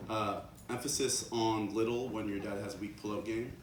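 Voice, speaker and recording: A man's voice: fairly low pitch, steady tone, moderate pace. Man telling jokes on a club stage, heard from a distance. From London, Ontario, Canada. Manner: loose storytelling with many fillers and restarts. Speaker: stand-up comedian. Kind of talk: stand-up comedy set. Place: comedy club stage with live audience. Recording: roomy, distant, noisy club recording.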